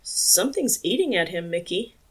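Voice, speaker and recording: A woman reading the lines of a frustrated man who keeps pressing a friend for answers, softening into gentle reassurance, in an audiobook. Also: lowish voice, big pitch swings, moderate pace, breathy edge. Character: adult man, frustrated amnesiac cop.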